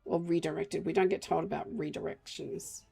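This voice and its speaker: Gravelly Australian woman streamer. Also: low-pitched, fairly even intonation, normal speed, dark tone, soft background music. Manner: rambling, chatty, talks to chat while playing. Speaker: game streamer. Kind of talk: casual live-stream chat.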